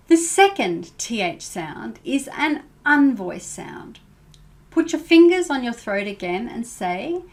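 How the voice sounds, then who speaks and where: Slow, animated woman teaching. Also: a little high. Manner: clear and careful, modelling words for learners to repeat. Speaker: English pronunciation teacher. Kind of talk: pronunciation lesson.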